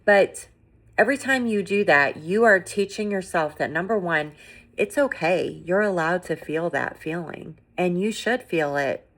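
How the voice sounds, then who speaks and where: Middle-aged woman, low voice, earnest and chatty podcast host, gentle pep-talk delivery. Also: animated, unhurried. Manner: earnest, conversational, many fillers like "you know" and "like". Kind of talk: gentle encouraging monologue.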